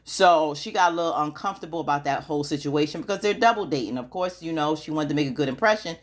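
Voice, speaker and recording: A woman's voice: deep voice, fast talker. Chatty woman recapping TV. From United States. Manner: chatty, filler-heavy, audience-addressing. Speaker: TV recap YouTuber. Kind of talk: casual TV episode recap.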